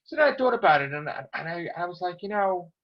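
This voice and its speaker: A man ranting casually to camera as a vlogger, excitable and rambling, swearing constantly. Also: high voice, fast talker. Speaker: YouTube vlogger. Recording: dull lo-fi recording.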